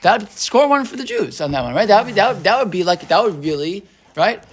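A man's voice: high-pitched, very animated, fast talker, a little hiss or hum. A man teaching a Torah class in a casual, rambling way, with many restarts and tag questions.

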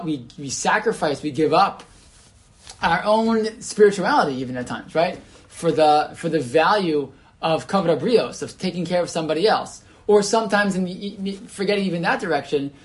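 Man teaching a casual Torah class. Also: high-pitched. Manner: conversational, many restarts, asks the group questions. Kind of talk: informal Torah class discussion.

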